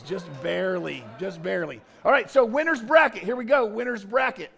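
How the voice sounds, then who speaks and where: A pastor at a church service running a playful, jokey poll with the congregation, calling out to the crowd. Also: male voice, sits high, a little fast, vocal fry, few pauses. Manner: jokey, energetic, calls out to the crowd. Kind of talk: playful audience poll from the stage.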